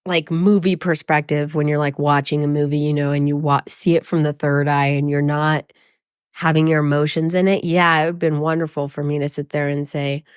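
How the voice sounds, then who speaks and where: A woman's voice: sits low, level tone, normal speed, clear, resonant tone, no echo, clean studio sound. A woman hosting a podcast, talking in a raw, emotional and blunt way with swearing, tearful as she speaks. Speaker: podcast host. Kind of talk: confessional podcast monologue.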